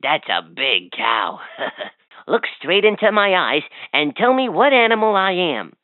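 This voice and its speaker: A cheerful talking toy bounces through wildly swooping sing-song quizzes and playful teasing. Her delivery is slow and deliberate, heard through a tinny, dry little toy speaker. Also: fairly low pitch, very animated, dry recording. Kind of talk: toy voice lines.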